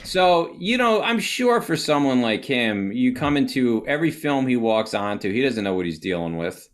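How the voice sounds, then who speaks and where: A man's voice: mid-range voice, moderate pace. Male host, director type, swaps into characters mid-anecdote, loose and profane. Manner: animated, acts out quotes, swears casually. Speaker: podcast host and film director. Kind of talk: casual anecdotal storytelling.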